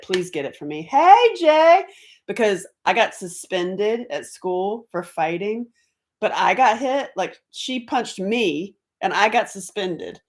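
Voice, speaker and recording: A woman chatting on a casual livestream, laughing often, greeting viewers by name and jumping from topic to topic. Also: fairly low pitch. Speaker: livestream host.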